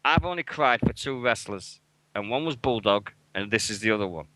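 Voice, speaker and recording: British man, forties, sweary, blunt, emotional, bright voice, dry sound. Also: fairly low pitch, animated, a little fast, no echo, rough recording. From England. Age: 40s. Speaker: radio co-host. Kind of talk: casual podcast chat.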